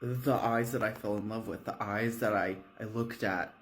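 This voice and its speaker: A man's voice: fairly low pitch, fairly even intonation, normal speed, slight background noise, close to an everyday voice. A man voicing a grief-torn wife. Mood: grieving. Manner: raw, breaking, cursing. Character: grieving enraged wife, adult woman.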